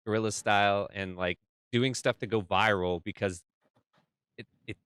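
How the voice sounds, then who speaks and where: A man's voice: fairly low pitch, fairly even intonation, normal speed, a bit bright, clean tone, no room sound. A man co-hosting a horror podcast, chatting casually and animatedly, acting out crowd reactions. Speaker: podcast co-host.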